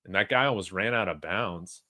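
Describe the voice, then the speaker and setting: Excitable man calling a game live. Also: low voice, moderate pace, no echo, studio quality. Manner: excitable, shouts on big plays, reads chat aloud. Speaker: fan watch-along commentator. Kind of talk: live play-by-play reaction stream.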